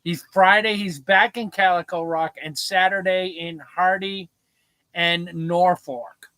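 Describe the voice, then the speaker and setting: A man's voice: high-pitched, fairly even intonation, slow, pushed and bright, no room sound. A man from Arkansas co-hosting a homestead livestream, chatting easygoingly and joking with fillers and restarts. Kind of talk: casual livestream chat.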